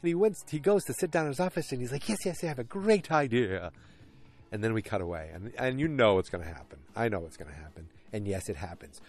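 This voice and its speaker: Low-voiced man rambling through a recap. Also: fast, hardly any pauses. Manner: rambling, animated retelling with many fillers and restarts. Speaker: podcast host recapping a TV episode. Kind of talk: casual solo podcast recap. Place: at home, alone at night.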